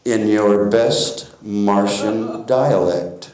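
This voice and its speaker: A man's voice: medium pitch, expressive, a little mellow, echoey room, poor audio. Man leading a comic hypnosis show. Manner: slow guiding suggestions, chuckling at volunteers. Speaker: stage hypnotist. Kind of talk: comedy hypnosis stage patter. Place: theater stage before a live audience.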